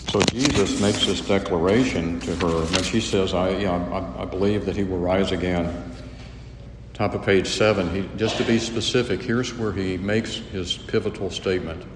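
Male pastor, low voice, earnest sermon delivery, roomy hall reverb with faint noise. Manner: earnest, emphatic, repeats words when pressing a point.

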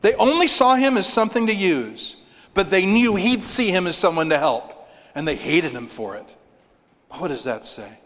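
A man preaching with emphasis, his fairly high voice climbing on key points and falling quiet to drive others home. The sound carries a long reverb, as in a large hall. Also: animated, normal speed. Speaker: pastor. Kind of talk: sermon.

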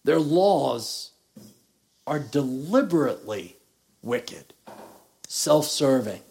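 A man preaching a sermon, reading scripture and explaining it slowly and deliberately, rising in force at times. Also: mid-range voice, lively intonation, creaky, darkish tone. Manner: slow, deliberate preaching, rising in intensity at points. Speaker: pastor.

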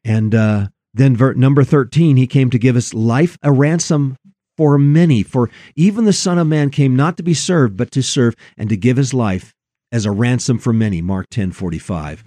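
A man's voice: medium pitch, moderate pace, mellow, no echo. A man hosting a Christian talk show, reading numbered Bible passages aloud in an earnest way. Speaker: radio show host. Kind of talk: Christian radio discussion.

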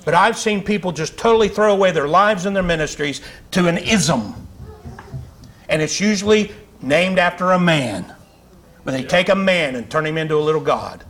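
High-voiced fiery male pastor preaching. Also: lively intonation, moderate pace, fairly bright tone. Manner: fiery, conversational preaching with asides and laughs. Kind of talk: sermon. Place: church sanctuary.

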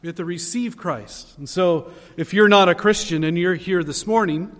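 A man's voice: high-pitched, normal speed. A man preaching a sermon as pastor, earnest, building emphasis on key phrases. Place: church sanctuary. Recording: long reverb of a hall.

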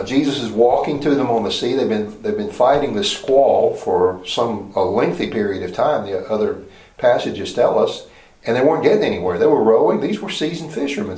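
In a roomy, echoey hall, a man with a fairly low, darkish voice preaches a Bible lesson conversationally. He poses rhetorical questions and frequently restarts his sentences.

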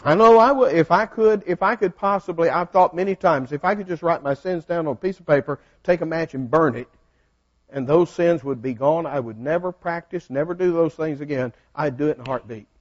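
A man's voice: on the high side, fairly quick. A man leading a Bible study class in a folksy way, asking the group questions. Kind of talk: interactive Bible study teaching. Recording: dull lo-fi sound.

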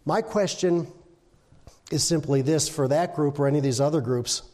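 A man's voice: fairly high pitch, moderate pace, darkish tone, long reverb tail. An older man preaching an informal sermon, chatting with the congregation, asking questions and breaking into little sung snippets. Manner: conversational, asks the congregation questions, hums and sings snippets. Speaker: pastor.

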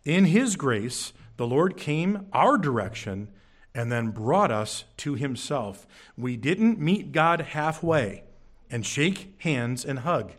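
A young adult man preaching a sermon as pastor, telling a funny story with quick jokes and sudden high-pitched bursts. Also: sing-song.

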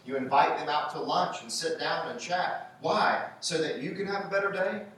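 Heard at a distance in a church sanctuary's echo, this pastor speaks at normal speed in a somewhat bright, high-leaning voice. His sermon is conversational and encouraging, with questions put to the congregation.

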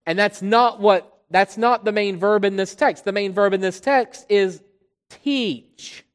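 Preacher working through a bible passage, leans hard on words then goes soft, voice ringing in a big echoey hall. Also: medium pitch, measured pace. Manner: emphatic, swinging between loud stresses and quiet drops; repeats and restarts phrases while building points. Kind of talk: expository sermon. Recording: long hall reverb.

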